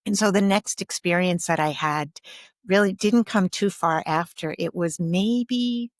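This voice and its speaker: A woman with a fairly low voice speaks softly as a podcast guest, thoughtful and unhurried, often pausing with an um. The sound is dry and close, with no room around it. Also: no room sound. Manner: soft-spoken, thoughtful, with frequent pauses and ums. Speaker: guest, grief and ancestral healer. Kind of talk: reflective podcast conversation.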